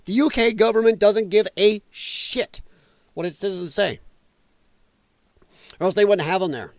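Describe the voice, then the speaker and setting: A man's voice: high-pitched, normal speed, dry recording, studio quality. Sarcastic, profane man ranting on stream. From American Midwest. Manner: profane, sarcastic, mocking mimicry of others. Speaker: host of a political commentary stream. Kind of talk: ranting commentary.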